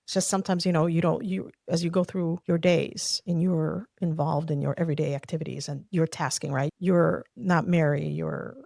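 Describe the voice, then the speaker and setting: A woman's voice: low-pitched, flat delivery, fairly quick, creaky, few pauses, dark tone, no room sound, clean studio sound. A woman from the Soviet Union telling her faith story as a podcast guest, earnest and heartfelt. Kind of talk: personal faith testimony.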